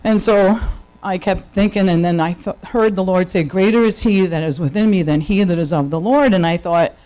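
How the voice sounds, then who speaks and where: A woman's voice: lowish voice, normal speed, mellow, low-quality recording. A woman with a New York accent giving a chatty personal testimony at a church service, telling her story with lots of fillers and restarts. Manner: chatty, storytelling, full of fillers and self-corrections.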